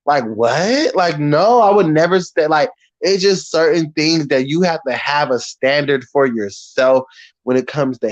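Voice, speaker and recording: A man telling a story to the camera in a casual, animated and profane way, full of slang. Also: fairly high pitch, no room sound, highs cut off. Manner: animated, profane, slangy and talking straight to the viewer. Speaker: storyteller vlogger.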